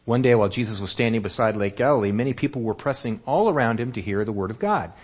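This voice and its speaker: A pastor preaching a sermon, telling stories and asking the congregation rhetorical questions. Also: male voice, medium pitch, fast talker, breathy edge. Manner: animated storytelling, rhetorical questions.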